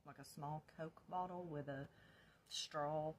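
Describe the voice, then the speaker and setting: A woman's voice: low-pitched, fairly even intonation, takes it slowly, a little hiss or hum. Candid woman telling her story casually. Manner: candid, drops to a whisper when quoting herself, laughs in places. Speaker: storyteller recounting her past.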